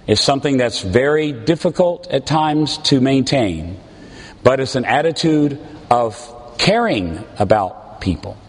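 A male pastor delivers a sermon in a slow, deliberate cadence, his pitch rising and falling with lively expression. His earnest, pleading tone carries through a large sanctuary, where a long reverb trails each phrase. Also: husky.

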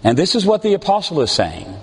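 A man preaching a sermon as a pastor, with a slow, earnest, pleading delivery and dramatic pauses. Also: high voice, wildly swooping pitch, slightly rough, in a large hall.

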